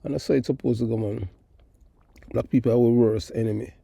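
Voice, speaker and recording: This call-in show host, a middle-aged man with a Jamaican accent, rambles emphatically about politics while shifting between patois and standard English. He speaks fast in a mid-range, gravelly, dark voice with a breathy edge and fairly even intonation, recorded with no room sound.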